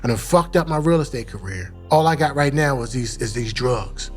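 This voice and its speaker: A man's voice: mid-range voice, moderate pace, faint music behind. A middle-aged man from Philadelphia, a podcast guest telling his story in a blunt, profane, candid way and acting out the people he quotes. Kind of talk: casual storytelling.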